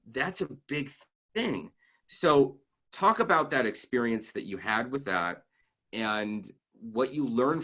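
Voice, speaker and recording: A man's voice: on the low side, a bit bright. A man hosting a podcast, introducing his guest in an enthusiastic, chatty way. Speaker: podcast host. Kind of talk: casual interview.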